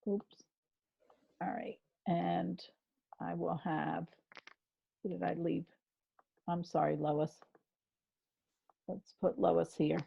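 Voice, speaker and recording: A woman's voice: fairly low pitch, level tone, slow, gravelly, long pauses, breathy edge, phone-quality sound. A woman teacher leading an online spelling lesson, patient and encouraging as she talks through what she does on screen. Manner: patient, encouraging, narrates her screen actions. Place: home, on a video call. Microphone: video call.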